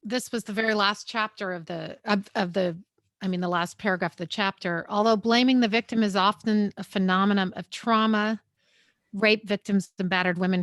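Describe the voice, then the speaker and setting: A woman's voice: medium pitch, fairly bright tone, no room sound, studio quality. A woman co-hosting a podcast in casual chat, speaking hesitantly with fillers before reading a passage aloud. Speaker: podcast co-host.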